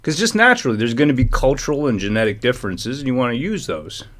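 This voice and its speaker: A man's voice: mid-range voice, big pitch swings, fast, fairly bright tone. A man co-hosting a livestream, rambling in casual chat, reading the chat and laughing often. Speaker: livestream co-host.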